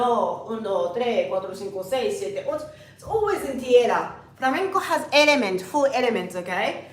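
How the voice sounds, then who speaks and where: Slow-talking woman teaching flamenco in an echoey studio. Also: high voice. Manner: slow, patient, sings out counts and rhythm syllables. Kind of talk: dance lesson with counting and rhythm syllables. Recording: echoey room, mic far off, faint noise.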